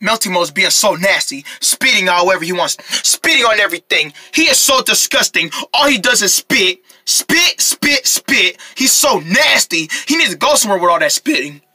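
A performer voicing a bossy, fussy cartoon character who scolds, repeats orders and shouts. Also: mid-range voice, very animated, normal speed, hardly any pauses, dry recording, exaggerated voice. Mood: grumbling. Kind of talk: homemade cartoon voice acting.

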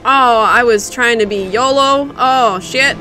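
A woman's voice: on the high side, slow, sharp tone, faint music behind. A woman streamer giving live gameplay commentary, profane and exclaiming, talking back at a boss.

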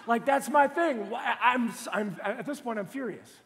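Lively comic pastor, bright high voice, booming church-hall echo. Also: male voice, moderate pace, creaky, hardly any pauses. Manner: animated, comic storytelling, bursts of shouting. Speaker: lead pastor. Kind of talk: sermon with humorous personal story. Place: church auditorium. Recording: long reverb of a large church hall.

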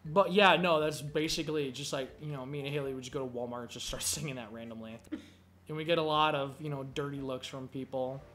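A man's voice: mid-range voice, steady tone, brisk, fairly bright tone. A young man hosting a gameplay video, rambling through casual, profane stories with lots of fillers. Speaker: gameplay commentary host. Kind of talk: casual storytelling chat. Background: faint game music.

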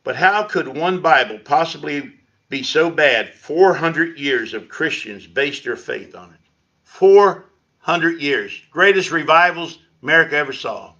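In his church sanctuary, a pastor preaches a sermon conversationally, tossing in sarcastic asides. His voice is fairly high, expressive and sharp, at normal speed, captured on lo-fi livestream audio.

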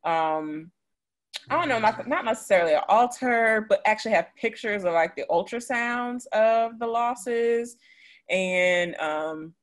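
A woman's voice: on the high side, expressive, unhurried. A woman hosting an interview who speaks in a supportive, affirming way. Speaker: host. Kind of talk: conversational interview.

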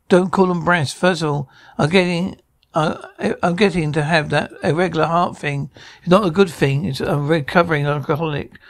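Alone, a man performs every role in a sitcom scene, bickering and flustered, stammering and restarting his lines for comic effect. His voice is on the high side and gravelly.

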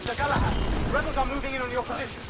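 An actor playing a military radio dispatcher in a video game, giving brisk, formal reports. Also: male voice, extremely high pitch, level tone, noisy background. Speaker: game character. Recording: game audio under loud music. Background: loud game score and gunfire.

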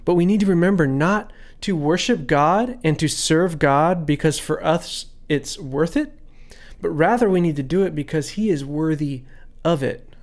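A man's voice: fairly high pitch, moderate pace. A man giving a casual Bible devotional, talking through points conversationally with frequent fillers and reading scripture aloud. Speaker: devotional speaker.

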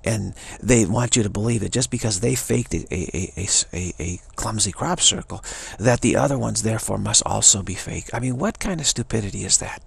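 A man giving a halting, rambling spiritual monologue, with frequent restarts and quick mocking voices for others. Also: fairly low pitch, expressive, vocal fry, breathy edge, no room sound. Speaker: spiritual commentator.

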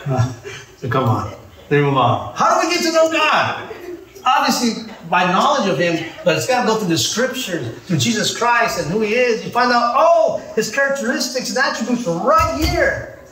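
A man preaching as a pastor, joking and calling out to his congregation in a lively sermon. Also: sits high, reverberant, far from the mic, poor audio. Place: church.

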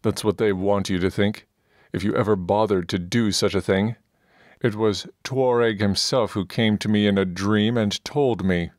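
A man's voice: on the low side, fairly even intonation, moderate pace, dry recording, studio quality, pitched above the performer's own voice, close to an everyday voice. A man doing a scornful zealot dwarf priest. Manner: bullying, scornful, pompous.

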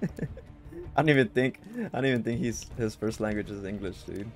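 A man's voice: lowish voice, fairly quick, faint music behind. A young man giving live gameplay commentary, brash, profane and joking as he trash-talks opponents. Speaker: gaming YouTuber.

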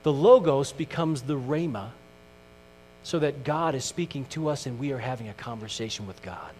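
Pastor preaching in an echoing church. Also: male voice, medium pitch, moderate pace. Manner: earnest, shifting from loud emphasis to hushed questions. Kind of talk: sermon. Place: church sanctuary. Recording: distant mic in a reverberant church with mains hum.

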